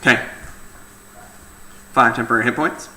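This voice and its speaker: Male game master, very bright tone, echoey room; narrates the fights loosely, with lots of fillers. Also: medium pitch, fairly even intonation, normal speed. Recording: echoey room, faint noise.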